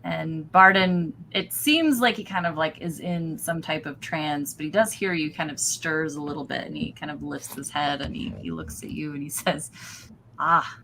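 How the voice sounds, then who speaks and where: A woman's voice: deep voice, normal speed, creaky, few pauses, a bit bright, rough recording. A woman running a tabletop game as game master, narrating casually with many fillers and frequent laughs. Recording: faint background noise.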